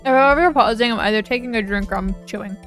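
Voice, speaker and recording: A woman's voice: fairly high pitch, quick pace, a bit bright, soft background music. Woman streamer voicing game dialogue. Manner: voice-acts the game's characters between casual asides. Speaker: gaming streamer. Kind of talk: let's-play reading game dialogue aloud.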